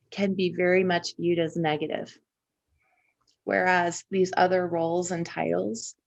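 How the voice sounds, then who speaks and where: Gravelly low-voiced woman telling stories. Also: dull audio. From Indiana. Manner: reflective, tells personal stories at length. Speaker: podcast co-host. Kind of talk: casual conversation.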